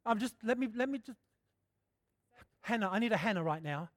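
A middle-aged man preaching a sermon in a candid, conversational way, often clearing his throat. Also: high voice, animated, a little fast, no echo. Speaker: pastor.

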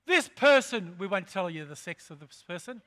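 A pastor delivers a sermon with great animation and emphasis, often repeating his phrases at a moderate pace. His high voice rings bright and forceful as he calls out to the congregation.

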